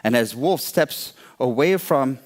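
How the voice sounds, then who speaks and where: A man telling a traditional folk tale aloud in an unhurried, dramatic way. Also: medium pitch, lively intonation. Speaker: storyteller. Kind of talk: oral storytelling talk.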